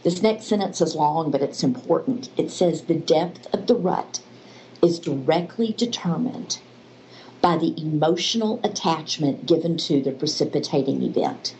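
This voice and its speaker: A woman's voice: deep voice, normal speed, a little hiss or hum, low-quality recording. A woman counselor telling stories and explaining ideas in a faith-based interview, acting out the voices of the people in her stories. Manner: animated storyteller, acts out quoted voices.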